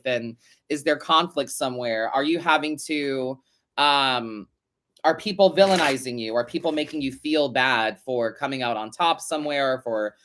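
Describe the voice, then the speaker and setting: A man hosting a casual live-stream tarot reading, chatty and animated, swearing now and then as he talks to his viewers. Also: medium pitch. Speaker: tarot reader host.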